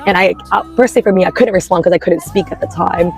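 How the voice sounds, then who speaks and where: Young woman, student, lowish pitch, earnest, full of fillers, faint music behind. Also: racing. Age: young adult. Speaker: student interviewee. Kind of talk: casual interview talk.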